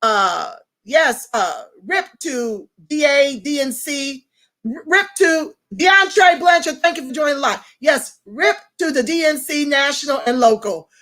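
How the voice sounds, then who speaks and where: A woman hosting a casual livestream, speaking in an animated, effusive way and greeting viewers by name as she reads their comments. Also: high-pitched, a little slow.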